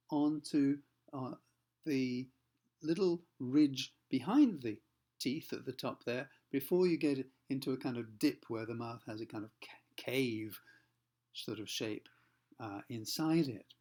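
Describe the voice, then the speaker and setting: A man's voice: medium pitch, animated, dark tone. Patient male pronunciation teacher. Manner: patient, often checks in with the listener; slows down to demonstrate sounds. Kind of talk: explanatory lesson for learners.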